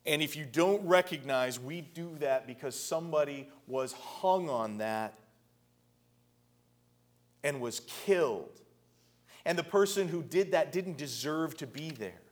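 A man preaching a sermon earnestly, swinging between loud emphatic lines and hushed, quiet passages. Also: fairly high pitch, expressive, measured pace. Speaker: pastor.

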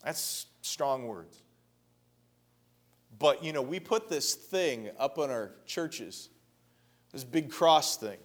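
A man preaching a sermon earnestly, swinging between loud emphatic lines and hushed, quiet passages. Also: medium pitch, animated, slow pace, pauses often. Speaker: pastor.

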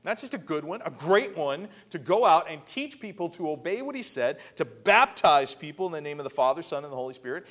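A man preaching a sermon in a conversational way, often repeating words and building to emphatic high peaks. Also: very animated, fairly quick, few pauses, fairly bright tone. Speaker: pastor.

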